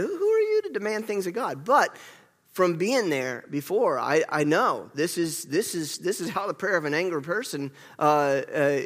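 Earnest pastor in a reverberant hall. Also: male voice, fairly high pitch, a bit bright. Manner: earnest, conversational, with frequent restarts. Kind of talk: sermon.

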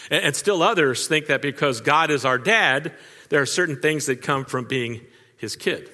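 Older man, pastor, storytelling sermon, bright tone, folksy asides, reverberant church hall. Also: a little high, normal speed. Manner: conversational, folksy anecdotes with audience asides.

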